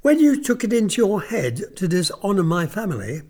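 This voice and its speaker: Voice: medium pitch, sing-song, normal speed, a little mellow. Someone playing a sneering old nobleman. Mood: coldly mocking. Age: older. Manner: icy, mocking politeness. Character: stern old nobleman, coldly sarcastic uncle. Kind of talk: dramatic audiobook reading.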